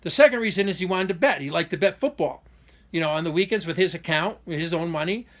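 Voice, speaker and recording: Animated and fast, this man's voice sits on the high side. He's a vlogger speaking straight into the camera with a personal update, rambling without a script and restarting often. His tone is indignant and aggrieved, with sudden bursts of speed on key points.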